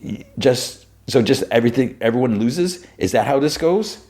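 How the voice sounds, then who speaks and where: A man voicing an exasperated, bitter middle-aged man who complains in a high, strained voice. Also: animated, moderate pace, a little mellow, lightly acted.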